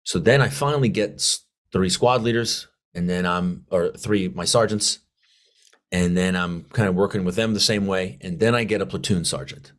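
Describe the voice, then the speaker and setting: A Marine veteran appears as a guest in a casual interview, telling stories in a low voice at a moderate pace. He's animated and profane, acting out the dialogue he quotes.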